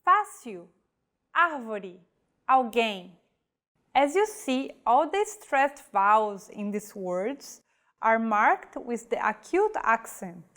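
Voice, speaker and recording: A woman with a slightly high voice gives a scripted pronunciation lesson. She speaks slowly and carefully, pausing over each example word as if spelling it out for a beginner. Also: big pitch swings. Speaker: language teacher.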